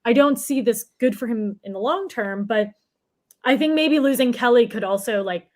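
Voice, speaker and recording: Female podcast co-host from the Boston area, chatty, slightly high pitch. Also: moderate pace, a little mellow. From Boston area, USA. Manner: chatty, full of "like" fillers. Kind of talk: casual podcast chat.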